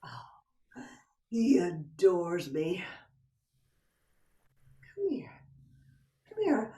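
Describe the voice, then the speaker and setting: Woman doing a flirty teasing wife, slowish and lively, echoey, a bit off mic. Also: on the low side, full character voice. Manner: teasing, coquettish, drops to whispers. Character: coy married woman playing a seductive game. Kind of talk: stage play acting. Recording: echoey room, from a distance.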